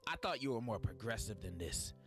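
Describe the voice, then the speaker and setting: A man's voice: lowish voice, big pitch swings, brisk, fairly bright tone, faint music behind. A young man streamer doing sarcastic, mock-outraged comedic commentary.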